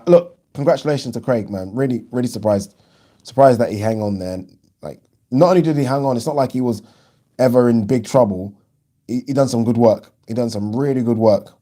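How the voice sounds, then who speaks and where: A man hosting a casual live stream, chatting and reading viewer comments aloud in an animated way. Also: lowish voice. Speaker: boxing channel host.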